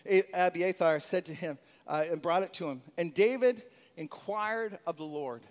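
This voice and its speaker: Male pastor, sermon, animated, chuckling, call-and-response, high voice, long hall reverb. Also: moderate pace. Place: church sanctuary.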